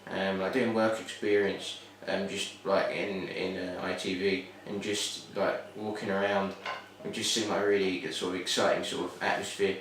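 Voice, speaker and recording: Young Cockney guy, lowish voice, rambling student interviewee, very echoey room and distant mic. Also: level tone, moderate pace, few pauses, a bit bright, a little hiss or hum. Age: young adult. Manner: rambling, full of "sort of" and "like". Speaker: TV production student. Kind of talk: casual interview answers.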